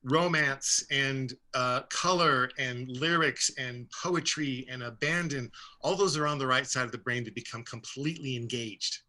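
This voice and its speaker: A man's voice: mid-range voice, measured pace, few pauses, bright, forceful tone. A man on a radio interview, telling a story in a rambling way with many fillers and restarts. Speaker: guest. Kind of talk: conversational storytelling.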